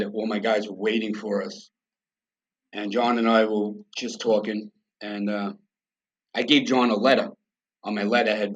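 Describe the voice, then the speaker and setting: A man's voice: fairly low pitch, dull audio. A man from the United States, a podcast guest telling a story in blunt, profane, conversational style and acting out quoted dialogue.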